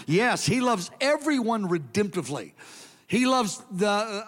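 A man's voice: sits high, a little fast, fairly bright tone. A man preaching a sermon in an earnest, emphatic way, then leading a prayer. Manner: earnest, emphatic, quoting scripture in a raised voice.

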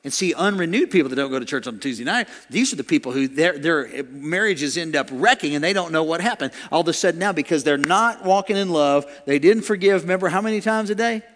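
A male pastor preaching a sermon, animated and laughing, acting out quoted voices. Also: on the high side, quick pace, few pauses, big-room sound.

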